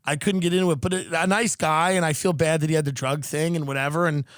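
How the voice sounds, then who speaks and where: A man hosts a casual podcast from his room, joking in a rambling, deadpan way. His voice sits fairly high, and the sound is close and dry with no room echo. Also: fast talker. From United States. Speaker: podcast host. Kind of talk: casual comedic chat.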